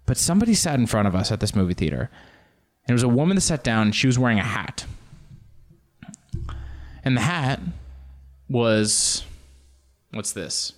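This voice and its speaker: A man telling casual, rambling stories on his own show, often jumping into loud comic impressions. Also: medium pitch, lively intonation, normal speed, long pauses. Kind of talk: casual solo storytelling.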